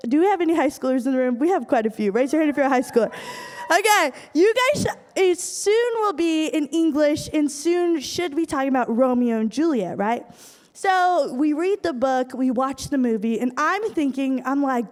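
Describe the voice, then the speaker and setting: A young woman from Iowa giving a lively youth group talk, telling stories with acted asides. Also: sits high, normal speed. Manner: animated storytelling with acted asides. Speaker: youth speaker. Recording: hall reverb from a live room.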